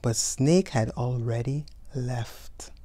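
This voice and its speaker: A woman reading a picture book aloud as a storyteller, in a slow, expressive, gentle way. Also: very deep voice. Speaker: storyteller, channel host.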